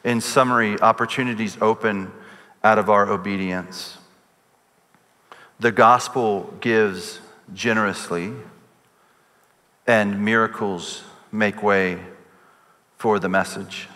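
A male pastor preaching a sermon. He tells a personal story in an animated way and acts out the voices in it. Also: lowish voice, takes it slowly, pauses often. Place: church sanctuary. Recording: long reverb with loud music behind.

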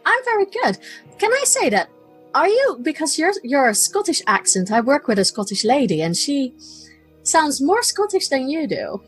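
A woman's voice: high voice, very animated, moderate pace, soft background music, low-quality recording. A woman hosting a podcast, talking in a chatty, giggly way with frequent restarts. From Netherlands. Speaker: podcast host. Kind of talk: casual podcast chat.

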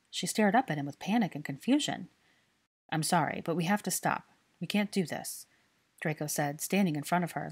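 A woman reading fan fiction aloud in a steady storytelling manner. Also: deep voice, slightly rough. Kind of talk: scripted narration.

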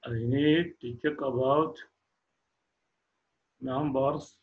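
Slow-spoken male teacher. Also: medium pitch, fairly even intonation, narrow, tinny audio. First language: Arabic. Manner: slow, encouraging, repeats praise, non-native English phrasing. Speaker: math teacher. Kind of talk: classroom math lesson.

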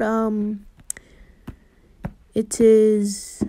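A young woman casually retelling a fan what-if story in a mellow, warm voice. She rambles, restarts and fills pauses with ums as she goes. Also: mid-range voice. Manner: rambling, with many fillers and restarts.

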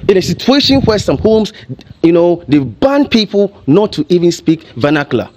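A Ghanaian man speaking as a TV commentator, his fairly high voice swinging up and down as he presses one rhetorical question after another. He delivers impassioned commentary, openly emotional. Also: very animated, moderate pace, noisy background.

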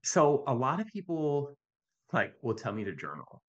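A man speaking as a podcast guest in an animated, conversational way. He tells stories and often checks in with a quick "right?". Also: mid-range voice, dull audio. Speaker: podcast guest, youth mental health advocate. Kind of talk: conversational storytelling.

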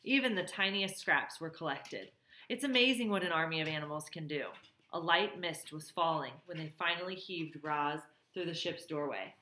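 Woman, slightly low voice, reads a children's book with feeling, echoey room. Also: moderate pace. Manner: expressive, warmly emotional reading. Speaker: reader. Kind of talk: reading a children's novel aloud. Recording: roomy echo.

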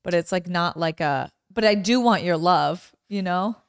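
A woman's voice: on the low side, moderate pace, clean tone, no echo, clean studio sound. A young woman co-hosting a casual couple podcast, rambling with lots of filler words. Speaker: podcast co-host.

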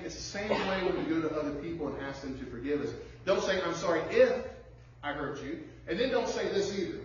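A man preaching a sermon from some distance away, his voice bouncing around a very echoey hall. He sits a little high for a man and speaks in a conversational way, acting out bits of dialogue. The recording sounds dull and lo-fi, with a faint hum underneath. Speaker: pastor.

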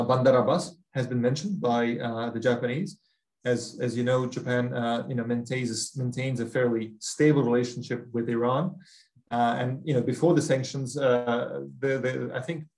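Male academic, Russian accent, halting Q&A answers, frequent fillers. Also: medium pitch, a little mellow, poor audio. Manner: hesitant, many fillers and restarts. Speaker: guest speaker.

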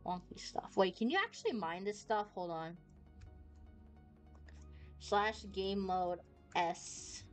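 A woman's voice: medium pitch, takes it slowly, pauses often, faint music behind. Bubbly woman streamer rambling over a game. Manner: bubbly and rambling, squeals when startled. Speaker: VTuber streamer. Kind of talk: casual gameplay commentary.

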